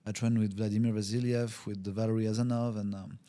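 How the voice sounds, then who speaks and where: Man telling a story with lively energy. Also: lowish voice, fast talker. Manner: animated, acts out scenes with quoted voices; frequent fillers and restarts, non-native phrasing. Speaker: podcast guest, wellbeing consultant. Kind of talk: conversational storytelling.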